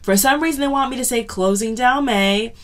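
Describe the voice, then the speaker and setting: A woman giving a casual tarot reading to camera, chatty and subdued, often checking in with "okay?" and "you know". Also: fairly high pitch. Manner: chatty, repeats "okay?" and "you know" often, drags some words slowly; subdued, sighing tone. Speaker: tarot reader.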